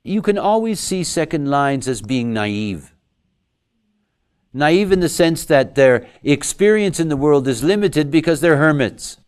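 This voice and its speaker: A man giving a lecture, talking in an animated way and acting out quoted voices. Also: a little high, unhurried, smooth. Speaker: lecturer on human design.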